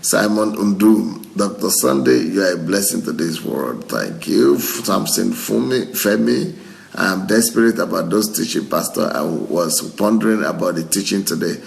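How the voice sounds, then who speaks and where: A middle-aged Nigerian pastor with a low, gravelly voice reads viewer comments aloud on a livestream at a moderate pace. He laughs often and bursts into excited exclamations.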